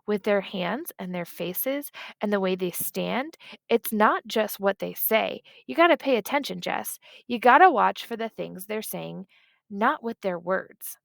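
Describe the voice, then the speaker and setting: Brief: woman playing an earnest older brother, slow patient delivery, gravelly edge. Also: medium pitch, expressive, dry recording.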